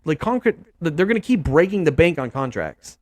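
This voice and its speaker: A young man hosting a casual sports podcast, ranting with lots of restarts and mock quotes. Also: brisk. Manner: animated, repetitive, swings pitch up for mock quotes. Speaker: podcast host.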